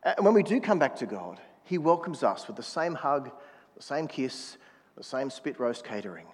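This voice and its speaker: A man's voice: mid-range voice, big pitch swings, normal speed, breathy edge, big-room sound. A man preaching a sermon in a conversational manner, prodding the congregation to answer back. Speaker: pastor.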